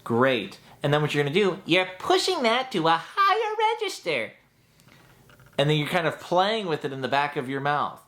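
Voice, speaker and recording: A man's voice: fairly high pitch, huge pitch swings, normal speed, a bit bright. A man teaching a voice acting tutorial in an upbeat, chatty way that breaks into laughs at his own asides.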